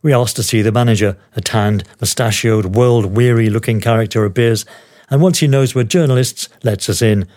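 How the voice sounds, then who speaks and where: A man's voice: medium pitch, moderate pace, darkish tone. An older man narrating his own travel memoir as a podcast host, with a wry, dry humor. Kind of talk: memoir storytelling.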